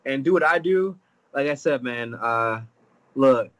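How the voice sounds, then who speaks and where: A young man from Jamaica, a fighter on a live video-call interview, telling stories in a laughing, animated way. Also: medium pitch, a little slow. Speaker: UFC fighter guest. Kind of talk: casual live interview chat.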